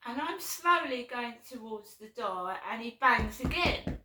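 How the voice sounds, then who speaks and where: With a roomy echo around her, a vlogging woman tells a long, aggrieved story in rambling fashion, repeatedly asking "right?". She speaks a little slowly in a slightly high, expressive voice that is bright and forceful.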